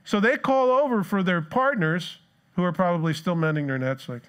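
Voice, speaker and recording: Man, pastor, sermon in church, fairly high voice, animated storyteller. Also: normal speed, smooth.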